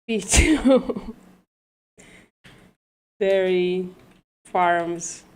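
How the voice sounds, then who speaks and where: Teaching logic on a casual livestream, the host talks slowly in a lowish voice, leaving long pauses. Her reasoning comes out haltingly: she stumbles, fixes her own mistakes, swears mildly, and laughs at herself along the way.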